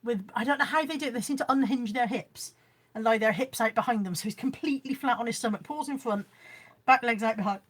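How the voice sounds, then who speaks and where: Woman, casual live-stream chat, reads out comments, fairly high voice. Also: fast, breathy edge. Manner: chatty, reads out viewer comments. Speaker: vlogger. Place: room at home.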